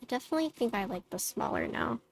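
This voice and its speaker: A woman's voice: on the high side, animated, fast talker, vocal fry, soft background music. A woman livestreaming, chatting casually with her viewers and using lots of "like" fillers. Her voice has a slightly robotic noise-suppression filter. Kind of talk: casual chat with stream viewers.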